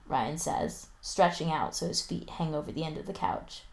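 A woman narrating a novel aloud, lively, raising her voice for the teenage characters. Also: moderate pace, creaky, hardly any pauses. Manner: lively, voices teen boys with raised pitch. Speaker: audiobook narrator.

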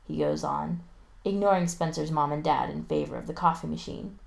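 A woman narrating a novel aloud, lively, raising her voice for the teenage characters. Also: fairly quick, vocal fry. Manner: lively, voices teen boys with raised pitch. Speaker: audiobook narrator.

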